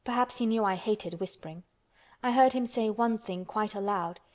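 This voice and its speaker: A woman's voice: mid-range voice, normal speed, darkish tone, close to an everyday voice. A woman voicing a sickly, peevish young boy who speaks restlessly and resentfully.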